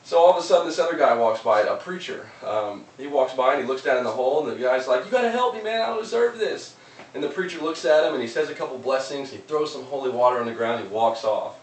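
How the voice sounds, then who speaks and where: A man's voice: mid-range voice, fast talker, few pauses. An earnest man delivers a casual motivational monologue, stumbling over repeated words as he goes. The mic sits some distance off in a roomy space. A faint noise hums behind him. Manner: earnest, loose, with many repeated restarts. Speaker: vlogger giving motivational talk.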